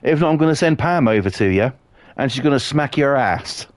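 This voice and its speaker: A man's voice: medium pitch, lively intonation, fairly quick, no echo. Blunt, sweary British man streaming. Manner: blunt, swears freely, laughs often. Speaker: live game streamer. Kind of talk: casual live-stream chat.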